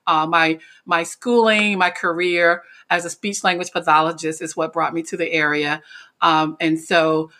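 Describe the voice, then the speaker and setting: A middle-aged woman from North Carolina, a coach being interviewed, telling her story in a lively way with frequent laughter and acted-out quotes. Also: lowish voice, moderate pace. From North Carolina, USA. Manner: animated, laughs often, acts out quoted lines. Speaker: podcast guest, speaker and coach.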